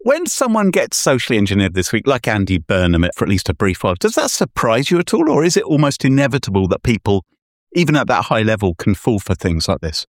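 A man's voice: lowish voice, huge pitch swings, fast talker, dry recording, clean studio sound. A man hosting a podcast in a playful, jokey, casual chat. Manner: playful, jokey, laughs often. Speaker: podcast host.

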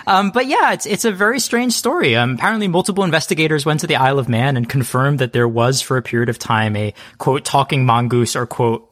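A man's voice: mid-range voice, fairly bright tone. A man co-hosting a podcast in casual chat, hesitant with filler words and a dry sense of humor. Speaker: podcast co-host.

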